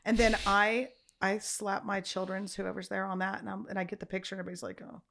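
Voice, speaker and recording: A woman's voice: mid-range voice, level tone, fast, vocal fry, fairly bright tone. A middle-aged woman co-hosting a podcast in casual chat, who laughs easily and makes emphatic asides. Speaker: podcast co-host.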